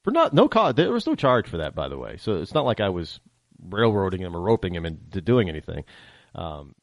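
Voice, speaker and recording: Male podcast host, from the northern US, casual rambling monologue, very expressive pitch. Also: fairly quick, no echo. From northern United States. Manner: animated rambling storytelling.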